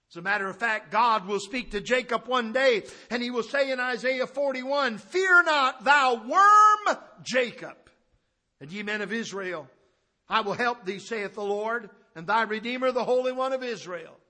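A middle-aged man preaching a sermon, telling stories and swinging between hushed asides and raised, emphatic preaching. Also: high voice.

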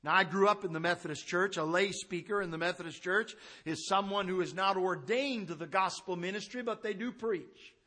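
A middle-aged man preaching a sermon, telling stories and swinging between hushed asides and raised, emphatic preaching. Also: high voice, brisk, few pauses.

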